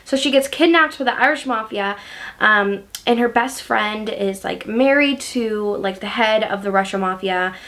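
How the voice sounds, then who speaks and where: A woman's voice: medium pitch, normal speed, a bit bright. A woman chatting casually about books she loves, gushing and using many fillers. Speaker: book reviewer. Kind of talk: casual book review chat.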